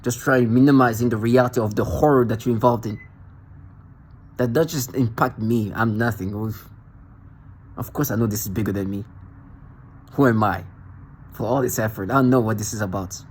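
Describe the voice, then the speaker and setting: A man's voice: mid-range voice, normal speed, pauses often. A man with a mid-range voice rants in an angry, accusatory monologue, hammering the same points over and over. His tone stays confrontational throughout. A faint background hum sits under his voice. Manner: ranting, confrontational, repetitive. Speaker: vlogger.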